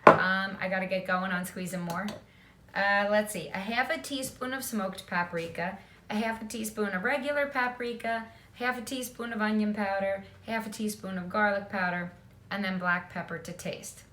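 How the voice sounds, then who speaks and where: A woman's voice: mid-range voice, normal speed, pushed and bright, echoey room, a little hiss or hum. A woman giving a casual cooking demonstration in her home kitchen, chatty and often checking in with "okay?". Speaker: home cook.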